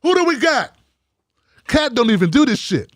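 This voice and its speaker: A man with a high voice delivers a fired-up, profanity-heavy rant as host of a live commentary stream. The sound is dry and close. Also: big pitch swings, moderate pace, fairly bright tone, no room sound. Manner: heated, profane and ranting.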